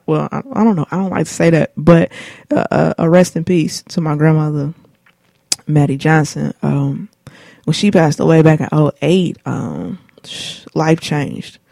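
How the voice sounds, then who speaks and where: Gravelly, mellow-voiced woman in her late 20s. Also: deep voice, dry recording, studio quality. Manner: laid-back, rambling, slangy, many fillers. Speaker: show host. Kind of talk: casual personal storytelling. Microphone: studio mic.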